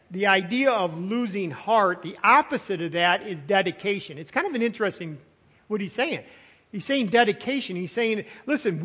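High-voiced preacher in a reverberant hall. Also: male voice, a bit bright. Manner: earnest, repetitive, voices imagined doubters. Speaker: pastor. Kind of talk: sermon.

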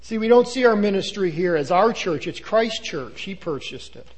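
Animated older male pastor preaching. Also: sits high, normal speed. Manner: animated preaching with acted asides. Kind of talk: sermon.

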